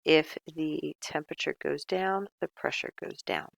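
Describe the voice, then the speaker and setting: A woman's voice: low voice, steady tone, moderate pace, creaky, no echo. A woman teaching chemistry in a casual, chatty lecture with self-mocking asides.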